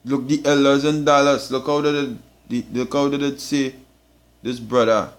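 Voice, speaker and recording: A man's voice: medium pitch, level tone, normal speed. A man with a Trinidadian accent preaching an informal sermon, emphatic and blunt, tagging his lines with "boy" and swearing for emphasis.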